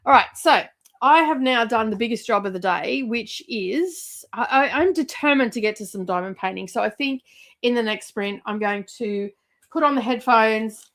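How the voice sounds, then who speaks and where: A woman's voice: on the high side, fairly bright tone. A middle-aged woman, chatting casually as host of a livestream, rambling with lots of fillers and laughs.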